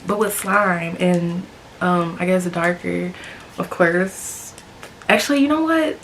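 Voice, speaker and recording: Heavy background noise accompanies this young vlogger as she tells a story slowly in a lowish voice. She's animated and talkative, addressing viewers directly and mimicking the voices of others.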